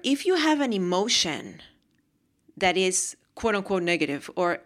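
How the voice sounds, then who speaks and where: A woman's voice: medium pitch, big pitch swings, measured pace, fairly bright tone. A woman hosting a motivational podcast, talking casually and emphatically and repeating phrases for emphasis. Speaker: podcast host.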